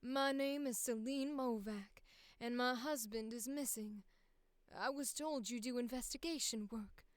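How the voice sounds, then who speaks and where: A woman performing a wealthy alien slime woman who seems innocent and desperate but may be scheming. She speaks in a soft, invented drawl that is almost Southern, in a smooth, clear tone with a slightly high pitch. The sound is dry and close. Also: unhurried, no echo, close to an everyday voice. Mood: urgent. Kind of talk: voice acting audition.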